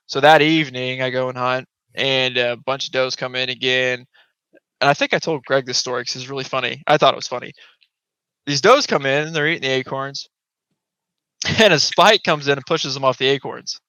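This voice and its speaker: A man's voice: mid-range voice, brisk, clean tone, no room sound. A man, a guest on a podcast, telling a hunting story casually and acting out voices and sounds. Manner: animated, acts out voices and sounds. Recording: dull lo-fi podcast audio.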